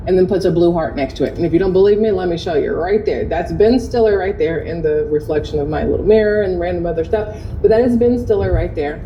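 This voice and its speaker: Sarcastic woman with a mellow voice. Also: fairly low pitch, quick pace, few pauses, lo-fi sound, slight background noise. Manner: sarcastic, indignant, chatty. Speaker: commentary host. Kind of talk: opinion commentary vlog.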